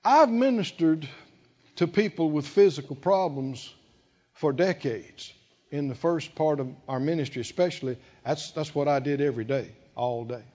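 Frequent chuckles punctuate an older man's animated sermon, which he delivers slowly and with emphasis. His voice is a little high, and the recording is dull and lo-fi.

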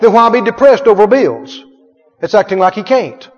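A man's voice: sits high, big pitch swings, moderate pace, faint music behind. A male pastor preaching with emphatic call-and-response and frequent chuckles. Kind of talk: sermon. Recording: echoey hall, dull sound.

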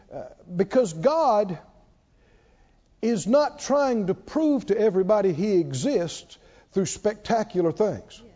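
A man preaching a sermon as pastor of a church, animated, calling out hallelujahs. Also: sits high. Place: church sanctuary. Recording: dull sound, long hall reverb.

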